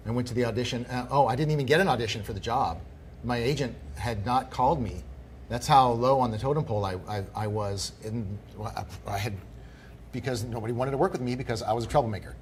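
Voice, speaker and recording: A man's voice: mid-range voice, fast, a little hiss or hum. A man in his fifties, a guest telling long stories in casual podcast conversation and acting out what people said. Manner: animated storyteller acting out quoted people.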